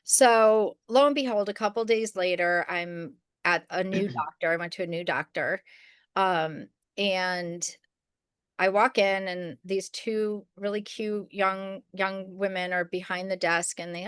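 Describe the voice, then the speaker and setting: A woman's voice: medium pitch, fairly even intonation, measured pace, a bit bright, clean tone, no echo, clean studio sound. A middle-aged woman co-hosting a podcast, telling a personal story in a rambling, casual way with restarts and quoted voices. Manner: rambling, with many restarts and fillers; acts out the people she quotes. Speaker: podcast co-host.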